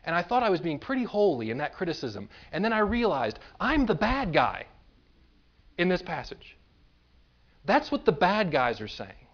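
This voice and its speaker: A man's voice: high-pitched, huge pitch swings, moderate pace, a bit bright, dull audio. A male pastor preaching a sermon, emphatic and self-deprecating, stacking words up to a point. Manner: emphatic, building lists to a peak, with self-deprecating humor.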